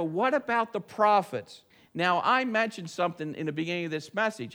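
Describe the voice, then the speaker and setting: A pastor preaching a sermon to his church, emphatic and rising to loud, slowed-down lines for stress. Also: sits high. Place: church sanctuary.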